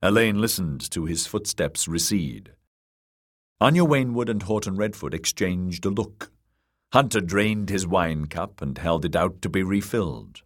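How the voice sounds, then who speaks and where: A man narrating a fantasy audiobook in an expressive storytelling way. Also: low-pitched, unhurried.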